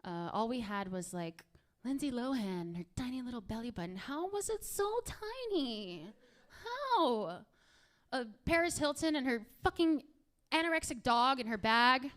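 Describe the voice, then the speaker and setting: A woman in her thirties from Miami doing a stand-up comedy set, with a crude, animated, swearing storytelling manner. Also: on the high side, normal speed.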